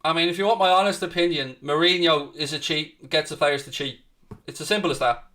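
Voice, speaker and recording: A man's voice: fairly high pitch, steady tone, brisk, pushed and bright. A man hosting a live football watchalong, ranting passionately and answering the chat. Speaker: watchalong host. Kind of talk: heated live football rant.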